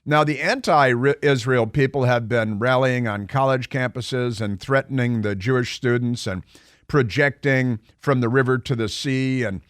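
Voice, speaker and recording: A man's voice: mid-range voice, dry recording. A man hosting a talk radio show, delivering a combative, sarcastic monologue full of mocking rhetorical questions from a radio studio. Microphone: studio microphone.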